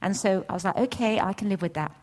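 A middle-aged woman giving a testimony at a church session, storytelling with lively acted-out dialogue. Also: quick pace. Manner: animated storytelling, acts out voices with big pitch jumps. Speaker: church speaker. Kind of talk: testimony sermon.

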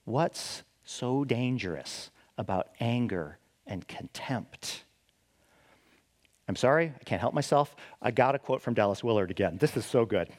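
Animated preacher man, lively pitch. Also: moderate pace, hardly any pauses. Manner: animated, asks the listeners rhetorical questions; frequent restarts and "right?" tags. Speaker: pastor. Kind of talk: sermon.

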